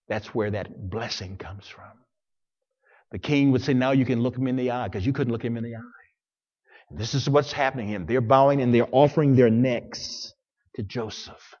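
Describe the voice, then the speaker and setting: A male pastor preaching a sermon, dramatic, swinging between loud declarations and hushed passages. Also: mid-range voice, normal speed, in a large hall, muffled recording.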